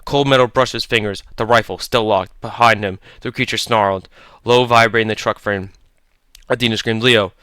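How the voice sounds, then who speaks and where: A man's voice: lowish voice, fairly even intonation, normal speed, pushed and bright, clear, resonant tone, dry recording. A man narrating a horror story in a tense, clipped, dramatic way.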